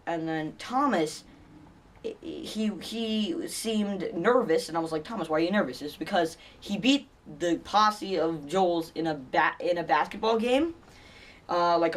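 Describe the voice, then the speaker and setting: A man's voice: fairly high pitch, recorded from a distance. A teenage boy vlogger telling a story in a rambling way, with many fillers and restarts. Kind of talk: casual storytelling vlog.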